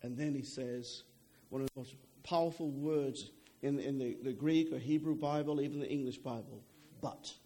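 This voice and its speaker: A man's voice: mid-range voice, moderate pace, mellow. A young adult man preaching a sermon in a conversational way, often checking in with "okay?" and repeating words as he goes.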